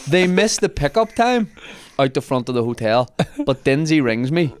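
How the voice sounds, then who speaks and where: A man hosting a comedy podcast, telling an animated anecdote in casual chat and laughing often. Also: medium pitch, moderate pace, smooth.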